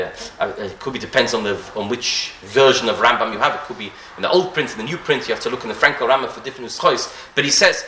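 Male rabbi, Torah class, bright and fairly high-pitched, animated, asks rhetorical questions, roomy echo. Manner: rhetorical questions, frequent restarts, Hebrew and Yiddish terms. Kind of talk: Talmudic lecture. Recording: echoey room.

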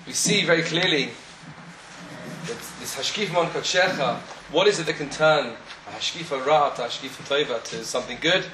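A man telling a story in a sermon, animated, acting out the voices of the people in it. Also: fairly high pitch, moderate pace, background noise. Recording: echoey room, faint ambience.

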